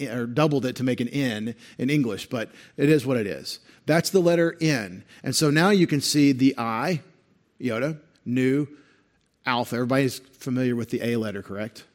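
Pastor teaching Greek from the pulpit. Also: male voice, mid-range voice, fairly quick. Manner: teacherly, explains Greek grammar patiently with pointer. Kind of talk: expository sermon.

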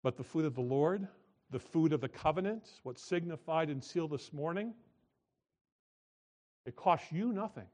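A man preaching a sermon, swinging between emphatic, loud lines and quiet, drawn-out ones. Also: a little high, expressive. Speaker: pastor.

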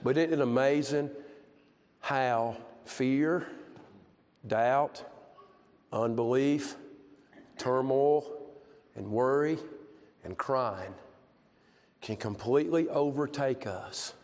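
A man's voice: medium pitch, slow pace, pauses often, darkish tone. A man preaching a conversational sermon, telling a personal story and asking the congregation questions again and again. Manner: repetitive, rhetorical questions to the congregation. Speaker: pastor. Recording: long hall reverb.

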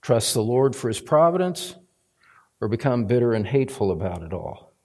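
A man's voice: mid-range voice, big pitch swings, moderate pace, mellow. A male pastor preaching a sermon, emphatic, climbing to stressed points and repeating words for weight. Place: church sanctuary.

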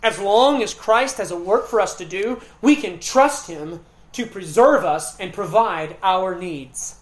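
Earnest preaching man in an echoey hall. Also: high voice. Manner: earnest preaching with emphatic repetition and pauses. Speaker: pastor. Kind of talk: sermon.

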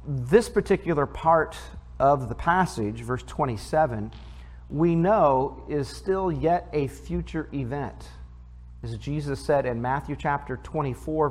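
Pastor reading bible verses and explaining them, chatty, asks the room questions, middle pitch. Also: male voice. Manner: conversational, asks the congregation questions; reads scripture aloud, then explains it. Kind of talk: sermon, Bible teaching.

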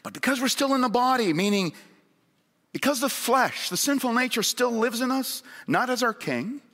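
Male pastor, sermon, animated pitch, earnest emphasis, long church reverb. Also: moderate pace. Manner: earnest preaching, swinging between raised emphasis and hushed appeals. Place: church sanctuary.

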